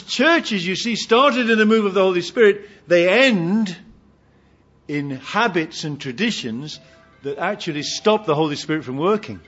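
Animated, husky-voiced male preacher. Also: high voice, dull audio. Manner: humorous, asks the congregation questions. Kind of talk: sermon.

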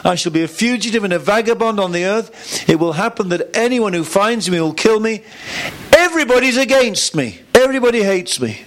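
A man's voice: high voice, expressive, fairly quick, fairly bright tone, voice pushed up. A man preacher voicing a despairing, self-pitying biblical man as he complains, in a sermon.

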